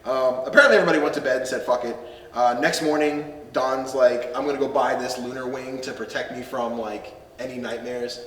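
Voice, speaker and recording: A man's voice: medium pitch, steady tone, brisk, a bit bright, roomy sound, big-room sound, distant mic, slight background noise. Laughing, swearing man recapping a film. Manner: laughing, swearing, acting out quotes. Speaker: podcast host recapping a film. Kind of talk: casual group chat.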